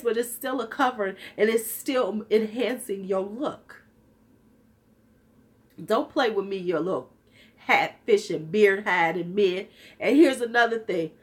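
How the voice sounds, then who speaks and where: A woman in her fifties talks straight to her viewers in a candid, joking, sassy way. She keeps a casual livestream chat going at a mid pitch, and her voice sounds a little worn out. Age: 50s. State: slightly worn-out voice. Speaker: vlogger.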